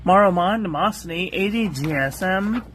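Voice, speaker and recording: A woman hosting a calligraphy channel, methodically reviewing ink on one paper after another in a calm, soft-spoken voice. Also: fairly low pitch, normal speed, slight background noise.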